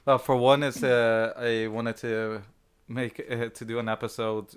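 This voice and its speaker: A man's voice: mid-range voice, level tone, a little slow, clean tone. A young man co-hosting a film podcast, talking casually with many hesitations. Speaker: podcast co-host.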